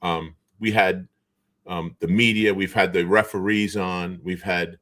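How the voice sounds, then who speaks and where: Lively middle-aged storyteller with Boston accent. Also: male voice, low-pitched, measured pace. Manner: animated storyteller who acts out quoted voices. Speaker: guest. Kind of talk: storytelling in casual chat. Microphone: video call.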